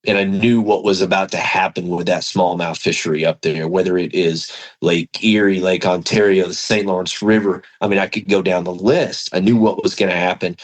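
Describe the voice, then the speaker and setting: A man's voice: sits low, low-quality recording. A man, a fishing tackle executive, telling a story in a casual interview and acting out the dialogue. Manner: animated, acts out quoted dialogue.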